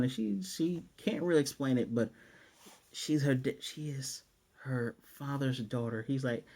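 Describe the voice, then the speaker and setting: A man in a casual anime review recaps an episode with eager, rambling enthusiasm. He restarts his sentences often and tosses in quick impressions of the characters. His voice stays warm and mellow throughout. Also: medium pitch, vocal fry.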